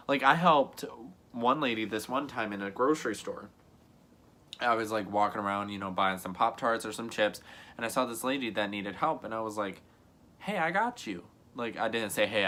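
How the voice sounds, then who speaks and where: A man's voice: lowish voice, pushed and bright. A young man telling a casual storytime vlog to camera, rambling and earnest, full of "like" and "you know what I mean". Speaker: YouTuber.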